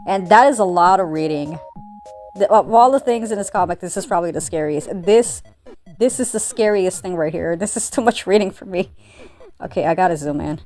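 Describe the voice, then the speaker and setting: A woman's voice: on the low side, a little fast, darkish tone, soft background music. Woman reading a comic aloud, stumbling. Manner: stumbling over words, sarcastic asides. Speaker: comic reader.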